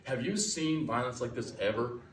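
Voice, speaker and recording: A man's voice: mid-range voice, lively intonation, moderate pace, slight background noise. A man preaching a sermon as guest pastor, emphatic and folksy, repeating his key lines for weight. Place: church sanctuary. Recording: echoey church from far off.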